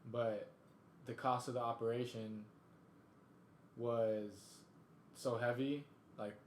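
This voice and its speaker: A man's voice: mid-range voice, fairly even intonation, takes it slowly, slight background noise. Laid-back guy rambling, roomy sound. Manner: rambling, laid-back, says dude and bro. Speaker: podcast co-host. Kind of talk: casual chat. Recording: roomy echo.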